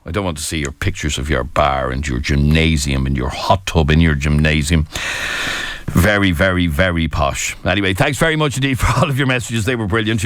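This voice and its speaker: An Irish man hosting a phone-in radio talk show, jokey and animated as he reads out listener messages. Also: low voice, no room sound. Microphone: studio microphone.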